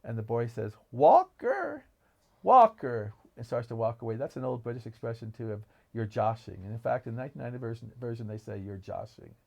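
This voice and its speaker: A man's voice: medium pitch, flat delivery, rapid-fire, gravelly, hardly any pauses, dark tone. A man co-hosting a podcast, talking about films in an enthusiastic, rambling way. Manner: enthusiastic, digressive storytelling. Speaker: podcast co-host. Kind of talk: casual film discussion.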